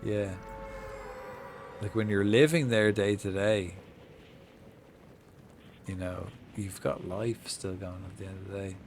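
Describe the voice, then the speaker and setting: A man's voice: on the low side, fairly even intonation, slow pace, long pauses, noisy background. An Irish man chatting casually on a live gaming stream, swearing often and telling stories with mock-acted reactions. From Ireland. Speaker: game streamer.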